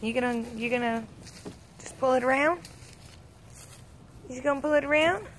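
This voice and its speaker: A woman's voice: high-pitched, moderate pace, slight background noise. A woman talking to a toddler outdoors in sing-song, coaxing baby talk, repeating simple words. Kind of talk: home video baby talk. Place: outdoors in a yard.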